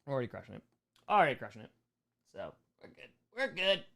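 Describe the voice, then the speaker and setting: A young man with a hoarse voice, reading chat questions on a casual live-stream Q&A, jokey and fond of repeating short phrases. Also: mid-range voice, sing-song, fast talker, a bit bright.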